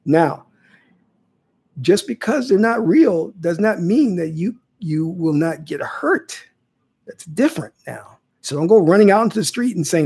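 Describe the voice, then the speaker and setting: His voice sits high and sounds animated, moving a little slowly with vocal fry, a darkish tone and a breathy edge. This man teaches spiritual ideas casually on a livestream, answering viewers, repeating phrases and often asking "okay?"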